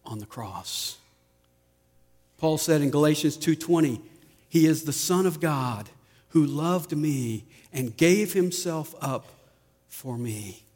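A man preaching a sermon as pastor, slow and deliberate, often letting his voice fall soft at the ends of lines. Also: a little high, animated. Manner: slow, deliberate preaching with dramatic drops in volume. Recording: long reverb of a large hall.

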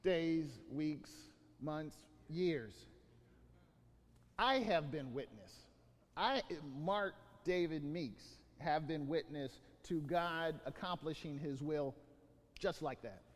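Male pastor, high voice, animated preaching, stumbling restarts, long hall reverb. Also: slow pace. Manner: animated storytelling with many restarts. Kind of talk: sermon.

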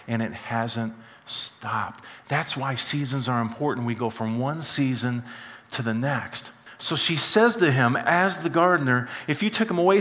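A man preaching a sermon as pastor, conversational and animated, with frequent asides to the congregation. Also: mid-range voice.

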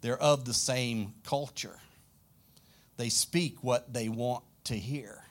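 A man's voice: medium pitch, takes it slowly. A man from South Louisiana with a Southern accent, preaching a sermon with emphatic questions to the congregation. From South Louisiana, United States. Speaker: pastor.

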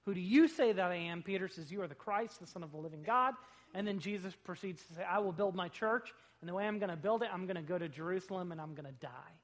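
A man preaching a sermon in a church, animated, rising loud on quoted lines and dropping low between them. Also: fast. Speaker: pastor. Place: church sanctuary.

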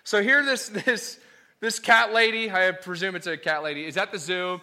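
A male pastor preaching a sermon in an animated, emphatic, conversational way. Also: high voice, moderate pace.

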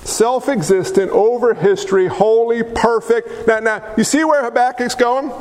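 A man preaching a lively sermon, joking and asking the congregation questions. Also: very high-pitched, normal speed, few pauses. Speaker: pastor. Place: church hall. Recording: echoey hall with faint noise.

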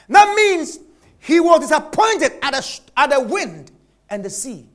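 A male preacher giving a sermon, emphatic, repeating phrases and swinging between shouts and hushed lines. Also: very high voice, very animated, slow.

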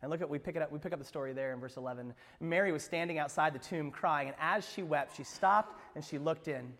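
Pastor preaching in a reverberant hall. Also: male voice, on the high side, fast talker. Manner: expressive, swings from hushed to emphatic, playful asides. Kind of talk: Easter sermon. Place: church sanctuary.

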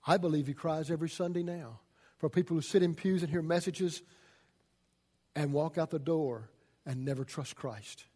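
A man preaching a sermon as a pastor, folksy and swinging from loud emphasis to hushed asides. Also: a little high, normal speed.

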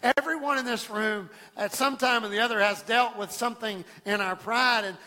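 A man pastor preaching a sermon in church, animated, stumbling over restarts and acting out the voices of people he quotes. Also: sits high, moderate pace, in a large hall. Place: church sanctuary.

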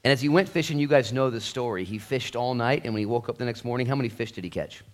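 A man preaching a church sermon, telling the story with lively energy and acting out the quotes. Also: mid-range voice, fast talker. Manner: animated storytelling, acts out quotes. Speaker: pastor.

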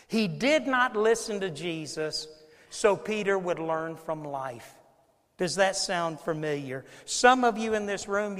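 A male pastor with a high-pitched voice preaches in a church. He swings between loud emphatic lines and hushed asides, and he acts out the people he quotes. His voice carries a long, ringing reverb from the sanctuary. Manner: preaching with dramatic swings in volume, acting out quoted speakers. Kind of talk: sermon.

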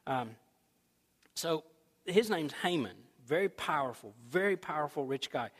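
A man preaching a sermon, retelling a story in a conversational, folksy, animated way. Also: fairly high pitch, unhurried, breathy edge. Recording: long reverb in a large hall.

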